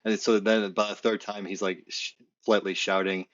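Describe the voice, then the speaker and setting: A man co-hosting a casual podcast, telling stories in a relaxed, halting way with many fillers. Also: fairly low pitch, lo-fi sound. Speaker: podcast co-host. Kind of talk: casual chat.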